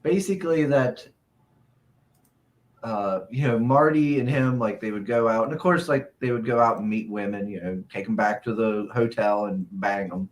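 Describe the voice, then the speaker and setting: A man's voice: lowish voice, normal speed. A man co-hosting a casual podcast, telling rambling stories full of fillers and chuckles. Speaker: podcast co-host. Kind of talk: casual chat.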